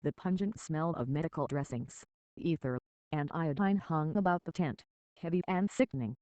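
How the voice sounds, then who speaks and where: Steady reader of a children's novel. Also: medium pitch, normal speed, no echo, highs cut off. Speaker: audiobook reader. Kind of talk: storybook narration.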